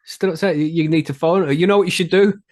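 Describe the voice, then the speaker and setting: A man's voice: a little high, fairly even intonation, fast, a little mellow. An English man co-hosting a podcast, chatting casually and joking, swearing often and rambling with restarts. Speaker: podcast co-host. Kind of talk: casual comedic chat.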